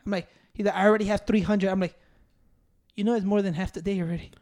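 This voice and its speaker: A man's voice: sits high, steady tone, quick pace, darkish tone. A young man in casual chat, blunt and swearing, mixing into English.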